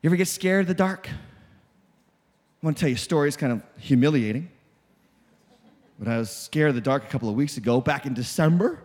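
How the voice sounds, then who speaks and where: High-voiced preacher in a reverberant hall. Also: male voice, expressive, fairly quick, long pauses. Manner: emphatic, rising to shouts, call-and-response. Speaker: pastor. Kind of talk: sermon.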